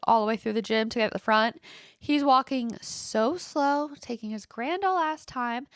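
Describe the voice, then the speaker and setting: Gravelly young woman ranting. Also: high-pitched, a bit bright, dry recording, clean studio sound. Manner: exasperated, swears freely, heavy use of "like". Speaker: podcast host. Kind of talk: casual storytelling rant.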